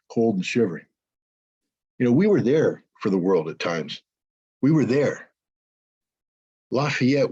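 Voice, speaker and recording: Middle-aged American male commentator, husky, emphatic monologue, dull lo-fi sound. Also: fairly low pitch. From United States. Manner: emphatic, rhetorical questions and repetition. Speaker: geopolitical commentator. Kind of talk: impassioned monologue.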